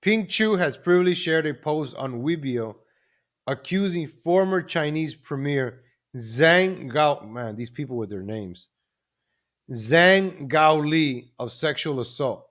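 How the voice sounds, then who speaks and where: A man's voice: fairly high pitch, lively intonation, takes it slowly. A man hosting a live stream, ranting about the news and repeatedly addressing the audience. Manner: ranting, repeats ladies and gentlemen. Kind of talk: casual commentary live stream.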